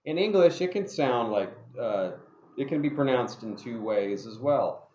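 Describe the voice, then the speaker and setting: Male English teacher, slow deliberate drilling delivery, roomy room sound. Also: medium pitch, expressive, mellow, a little hiss or hum. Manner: slow, deliberate modeling of sounds, spelling words out and repeating drill phrases. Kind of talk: pronunciation lesson. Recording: roomy, slightly dull recording.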